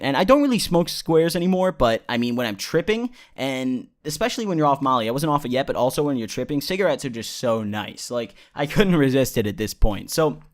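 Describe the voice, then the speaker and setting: A young man vlogging a casual, rambling, profane story with lots of energy. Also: medium pitch.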